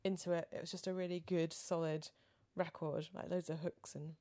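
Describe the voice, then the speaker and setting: A woman with a slightly low voice co-hosts a podcast, chatting casually into a studio mic. She muses and rambles, letting her sentences trail off quietly. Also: level tone, normal speed. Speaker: podcast co-host. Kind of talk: casual chat. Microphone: studio microphone.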